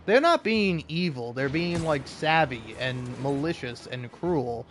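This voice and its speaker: A man's voice: mid-range voice, slow, faint music behind. A young man streaming a game, rambling, swearing and joking at his own expense in casual chat. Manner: rambling, swearing, self-deprecating.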